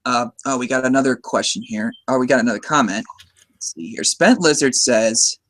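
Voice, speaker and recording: An American man chatting eagerly about a film as a podcast host. His pitch sits in a middle range, and he often restarts his sentences as ideas come to him. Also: moderate pace, fairly bright tone. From United States. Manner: chatty, enthusiastic, many restarts. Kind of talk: casual movie discussion.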